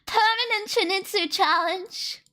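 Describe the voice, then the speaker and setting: A woman's voice: very high voice, measured pace, bright, forceful tone. An Australian woman streaming herself coding, chatting casually in a rambling, self-deprecating way and laughing often. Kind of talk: casual live-stream chat while coding. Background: faint lofi music.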